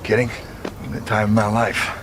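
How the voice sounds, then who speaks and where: An actor playing a bitter, down-on-his-luck man who speaks in a sardonic, gruff way. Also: on the low side, completely flat delivery, normal speed, fairly bright tone, lightly acted. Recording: film clip with background noise.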